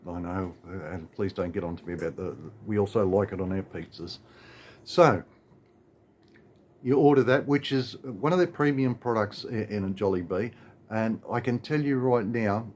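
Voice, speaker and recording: A man's voice: lowish voice, darkish tone, slight background noise. A man with an Australian accent, ranting in a rambling, exasperated way with lots of filler and restarts. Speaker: vlogger. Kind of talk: casual ranting monologue.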